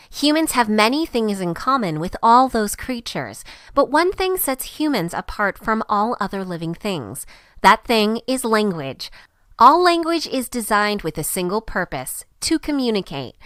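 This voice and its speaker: Female narrator for a scripted lesson, animated intonation, dry booth sound. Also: medium pitch, no room sound. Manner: clear, even teaching delivery.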